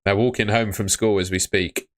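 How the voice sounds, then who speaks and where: A man's voice: on the low side, fairly even intonation, normal speed, no room sound, clean studio sound. A young man hosting a live stream, chatting casually and muttering to himself as he sorts things out on his phone. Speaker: livestream host.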